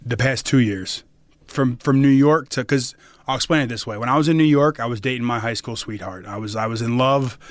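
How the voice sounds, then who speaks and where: A young American man, a football lineman, is a guest on a casual podcast interview. He tells animated stories quickly and curses casually, recorded in a studio. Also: medium pitch, no room sound. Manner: fast, animated storytelling with casual cursing.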